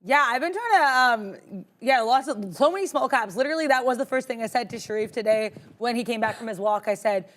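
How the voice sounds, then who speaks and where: A woman's voice: on the high side, expressive, fairly quick, fairly bright tone. A woman co-hosting a live trading show, chatty and self-deprecating as she talks through her trades.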